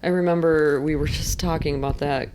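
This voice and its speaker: A woman in her forties co-hosts a library podcast, offering dry, deadpan remarks. Her voice sits very low for a woman. Clear background noise runs through the recording. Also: a little fast. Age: 40s. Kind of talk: casual chat.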